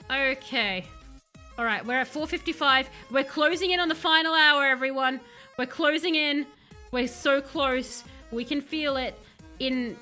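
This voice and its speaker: A woman with a high, bright voice chats her way through a live horror game stream from her home computer. She talks straight to her viewers, jumpy and chatty, with music playing faintly behind her.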